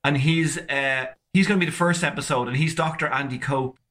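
A man's voice: medium pitch, fairly quick. An Irish man, a comedian, telling stories in casual chat with lots of restarts and acted-out quotes. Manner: animated storytelling, many restarts, acts out quotes. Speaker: comedian podcast guest.

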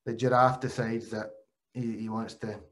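A man's voice: lowish voice, normal speed. A man hosting a podcast and telling sporting stories in casual chat, with frequent restarts. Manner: animated storyteller, frequent restarts. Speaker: podcast host and former cricketer.

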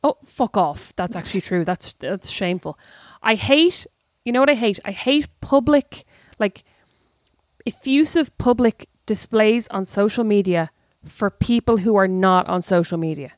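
A woman's voice: medium pitch, animated, measured pace, no echo, studio quality. A woman, co-hosting a casual podcast chat, blunt and teasing. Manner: blunt, teasing, complains with relish. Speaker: podcast co-host. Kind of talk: casual banter.

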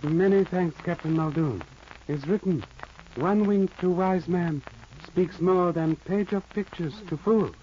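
An actor playing a formal, patient older detective who speaks in clipped, stilted phrases without articles and quotes proverbs, in 1940s radio acting style. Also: male voice, high-pitched, unhurried, dark tone. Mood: calm, formal. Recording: muffled old radio recording with hiss.

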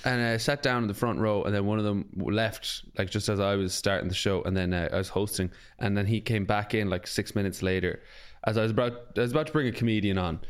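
A man's voice: lowish voice, fairly even intonation, fast, clear, resonant tone. A man co-hosting a comedy podcast, telling a laid-back anecdote in a casual chat. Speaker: podcast co-host.

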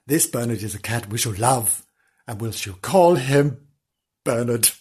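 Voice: mid-range voice, lively intonation, measured pace, darkish tone, breathy edge. A podcast host reading a children's story aloud in a comic way, interrupting it with playful asides, giggles and mock apologies to the children listening.

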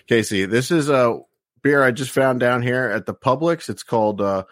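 A man's voice: medium pitch, normal speed, a bit bright, no room sound, studio quality. A man hosting a podcast, talking in an easygoing, rambling way with plenty of fillers. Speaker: podcast host. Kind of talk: casual chat.

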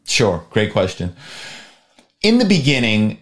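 A middle-aged man, a guest on an interview show, telling lively stories and acting out phone calls. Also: on the low side, unhurried. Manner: animated, acts out calls. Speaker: guest, former corporate spy and actor. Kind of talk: storytelling in an interview.

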